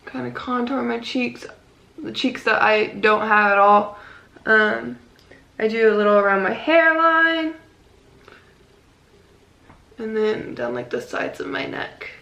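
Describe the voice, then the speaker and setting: A woman's voice: fairly high pitch, takes it slowly, vocal fry, long pauses, sharp tone. A young woman chatting casually through a makeup tutorial, full of "like"s and "um"s. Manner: chatty, many "like"s and "um"s, self-deprecating. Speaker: beauty vlogger.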